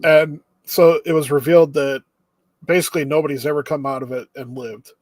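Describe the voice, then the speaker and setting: A man's voice: fairly high pitch, steady tone, a little fast, a little mellow, dry recording. A young man co-hosting an anime review chat, steadily summarizing plot with occasional ums and uhs. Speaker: anime review podcast co-host. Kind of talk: casual chat.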